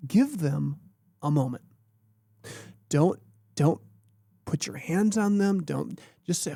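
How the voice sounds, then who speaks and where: Podcast coach guy, gravelly voice, kinda high for a man, earnest and emphatic. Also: lively intonation, takes it slowly, pauses often, mellow, no echo, clean studio sound.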